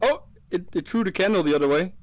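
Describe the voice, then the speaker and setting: A man's voice: sits high, fast talker, no room sound. A man streaming a horror game with friends, swearing a lot, laughing and panicking. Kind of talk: casual gameplay chat with friends.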